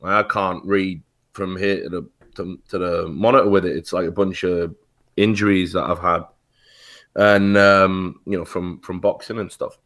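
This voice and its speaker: A man's voice: deep voice, fairly even intonation, normal speed, fairly bright tone. British man, guest on a talk show, heated, profane, lots of false starts. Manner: heated, swears often, many restarts. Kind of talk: casual storytelling on a talk show.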